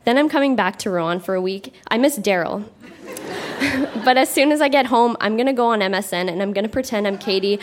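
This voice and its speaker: A woman's voice: mid-range voice, brisk, slight background noise. A young woman from Canada reading her childhood diary aloud on a live stage, amused and breaking into laughter between entries. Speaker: reader on stage. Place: live stage before an audience.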